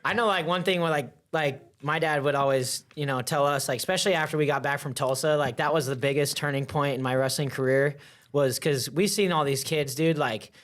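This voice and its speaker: A young man, a wrestling coach, telling stories in casual chat, animated and full of "like" fillers. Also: fairly high pitch, brisk. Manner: animated, acts out voices in his stories, heavy filler "like". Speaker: wrestling coach, podcast guest.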